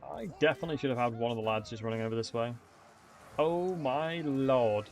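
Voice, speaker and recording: Give me a young man with a mid-pitched voice, bantering cheerfully with chat during a game stream. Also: very fast, gravelly. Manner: chatty, upbeat banter with chat. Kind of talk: casual live-stream commentary.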